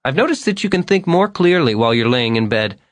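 A man's voice: medium pitch, sing-song, brisk, dry recording, voice pushed up, close to an everyday voice. A man doing an eager, chatty young guy. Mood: curious.

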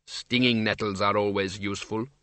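A man voicing a small, earnest male dwarf gardener with a slow, plodding drawl. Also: fairly low pitch, steady tone, pushed and bright, dry recording.

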